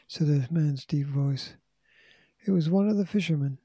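A man reading a children's storybook aloud in a steady, measured way. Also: fairly high pitch, slightly rough, no room sound. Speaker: audiobook reader. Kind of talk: storybook narration.

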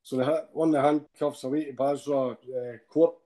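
A Scottish man speaks as a podcast guest in a soft, mellow voice pitched a little high. He tells his story with feeling, halting and restarting, and tags his sentences with "eh?". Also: level tone. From Scotland. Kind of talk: personal account in a podcast interview.

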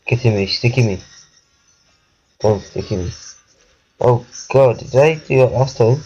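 A man's voice: mid-range voice, a little slow, long pauses, mellow, muffled recording, soft background music. A young man giving casual gameplay commentary, jumpy and muttering, exclaiming when scared. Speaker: gaming video creator.

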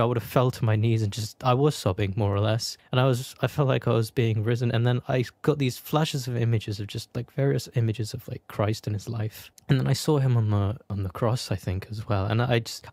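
A man, the guest, telling a personal testimony in a halting, searching way, stopping and restarting as he looks for words. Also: mid-range voice, a little mellow, no room sound.

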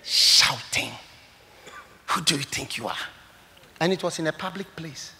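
A Ghanaian pastor preaches at a church service in a high, bright voice. His pitch leaps about as he tells his stories, jumping from shouted exclamations down to hushed asides, with faint background noise behind him. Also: unhurried, vocal fry. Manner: animated storytelling, swinging between loud exclamations and quiet asides. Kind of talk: sermon.

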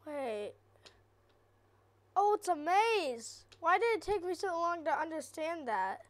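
A woman's voice: very high voice, very animated, slow. A woman hosting a gaming channel, giving nervous, chatty let's-play commentary on a horror game and talking to her viewers.

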